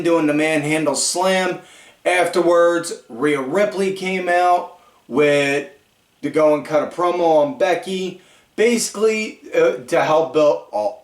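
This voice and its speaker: A man hosting a podcast, rambling through a casual recap with lots of fillers and animated storytelling. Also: a little high. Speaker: podcast host. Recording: echoey room, far from mic.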